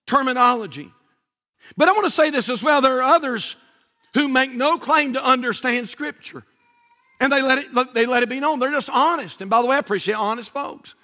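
A man preaching a sermon as a Baptist pastor, telling stories and rising to shouts. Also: very high-pitched. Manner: animated storytelling preacher, shouting at peaks.

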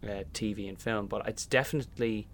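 A young Irish musical theatre actor chats through a casual interview, telling anecdotes and acting out little voices in them. His voice is fairly low, gravelly and a bit bright, with fairly even intonation and a fairly quick pace, over slight background noise.

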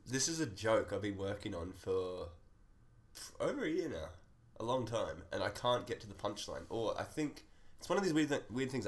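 A man's voice: on the low side, pushed and bright. Aussie guy on a comedy podcast, rambly, laughs a lot at his own stuff. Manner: laughing, rambling, self-mocking. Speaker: co-host. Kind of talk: casual comedy podcast chat.

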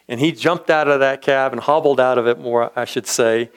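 A man spinning a yarn in a relaxed, rambling way, chuckling often and slipping into the voices of people he met. His voice sits at an ordinary middle pitch. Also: brisk, hardly any pauses. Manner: rambling, chatty, chuckles often, acts out quotes. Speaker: storyteller. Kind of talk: casual spoken storytelling.

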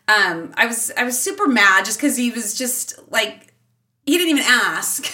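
A middle-aged mother talking as a guest on an interview show, her voice bright and a little higher than most. She tells her stories in an animated, chatty way, laughing easily and jumping up in pitch whenever she quotes herself. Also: a little slow, recorded from a distance. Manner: animated, laughing often, jumping high when quoting herself. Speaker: podcast guest, teacher and mother. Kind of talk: casual storytelling in an interview.

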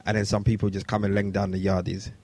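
A man in a casual podcast chat, telling a story in an animated way. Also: low voice, fast talker, dry recording.

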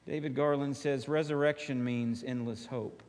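Man preaching in a reverberant hall. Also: fairly even intonation. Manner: emphatic, drops to quiet slow phrases and rises to urgent high appeals. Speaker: pastor. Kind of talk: sermon.

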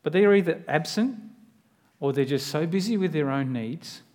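A man's voice: a little high, animated, normal speed, a little mellow. A man preaching a sermon in an earnest, conversational way, often turning to the listener with direct questions.

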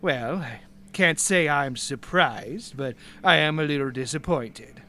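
A sly old woman who keeps her voice low and hushed and turns sinister, as a game master puts her on. The tone stays bright and sharp even when she drops to a near whisper. She plays with the listener like a cat with a mouse. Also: unhurried. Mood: sly scolding.

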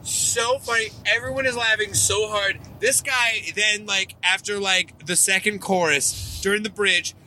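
A man co-hosting a podcast in a moving car, telling a wild anecdote in a profane, excitable way and laughing as he goes. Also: high-pitched, a little slow, few pauses, a little hiss or hum. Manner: excitable, profane, laughs through his story. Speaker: podcast co-host.

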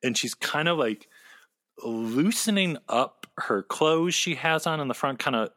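Animated man with a bright, dry voice. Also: fairly high pitch, dry recording. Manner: animated, fast bursts, laughs often. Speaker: podcast co-host. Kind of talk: casual chat recapping a TV episode.

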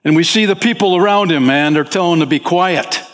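A man preaching as a pastor, talking with the congregation in an easygoing way and often saying "man", and his pitch rises sharply when he voices desperate pleas. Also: brisk, a bit bright. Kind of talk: sermon. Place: church sanctuary. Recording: long hall reverb in a church.

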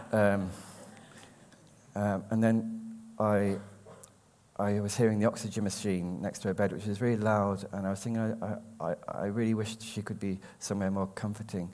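An English man, a poet, reading his poems slowly and carefully, with hesitant, halting talk between them. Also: on the low side, darkish tone, slight background noise. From England. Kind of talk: poetry reading with spoken introductions.

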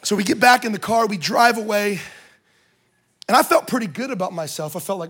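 High-voiced man telling a funny sermon story. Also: fairly quick, breathy edge. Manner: lively, joking, conversational asides. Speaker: speaker at a church service. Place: in front of a live audience in a room.

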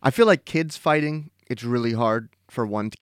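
A man's voice: mid-range voice, moderate pace, clear, resonant tone, no room sound, studio quality. A man co-hosting a podcast in casual chat, reacting with short remarks and wisecracks. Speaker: podcast co-host.

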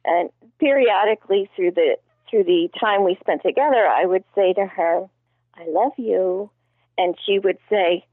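A woman in casual conversation, telling gentle anecdotes in a deadpan way. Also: medium pitch, a little slow, no echo. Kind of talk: casual chat. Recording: tinny phone line.

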